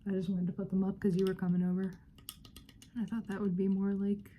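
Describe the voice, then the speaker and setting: A woman's voice: mid-range voice, level tone, a little fast, mellow, a little hiss or hum. A woman whispering in a friendly role-play, giggling and rambling through casual chat as a friend hosting a visit.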